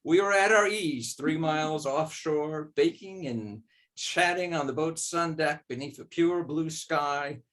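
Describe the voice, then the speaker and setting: A man's voice: fairly high pitch, measured pace, fairly bright tone. A man, an author, reading a passage from his own novel aloud at an online book club event.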